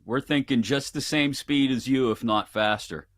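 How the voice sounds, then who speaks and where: Male radio guest with a Pittsburgh accent, bright, tense delivery, chatty storyteller, dry close mic. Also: medium pitch, moderate pace, no echo. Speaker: guest sports betting analyst. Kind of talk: casual radio chat.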